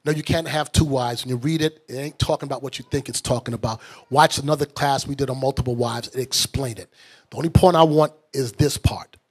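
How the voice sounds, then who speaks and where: A man's voice: mid-range voice, a little fast, husky. A man preaching as a bishop in a fiery, mocking, blunt sermon style. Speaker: bishop and teacher.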